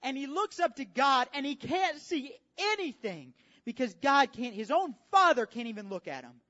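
A preacher delivering a dramatic sermon, repeating phrases for emphasis and swinging from hushed tones to shouts, recorded at a church service. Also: high voice, very animated, moderate pace. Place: church service with worship team. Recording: dull lo-fi audio with faint music.

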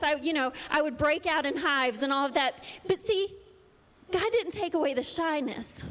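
Lady preaching, high voice, repeats her phrases for emphasis. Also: a bit bright. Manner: storytelling, repetitive emphatic phrasing. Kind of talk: sermon with personal testimony.

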